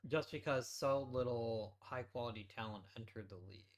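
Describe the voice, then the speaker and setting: A man's voice: mid-range voice, normal speed. A man hosting a let's play, giving casual gameplay commentary as he thinks aloud and swears offhandedly.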